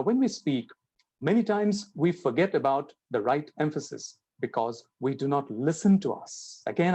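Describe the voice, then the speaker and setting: Using a mellow voice on the high side, a man teaches a spoken English lesson. He acts out example sentences as he explains them, varying intonation and stress to show the differences.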